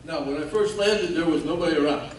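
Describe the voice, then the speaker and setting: A man's voice: fairly high pitch, fast. An older man gives a speech as guest speaker, telling his story in a folksy way with self-mocking humor. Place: large hall at a ceremony. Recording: echoey hall from far off, faint noise.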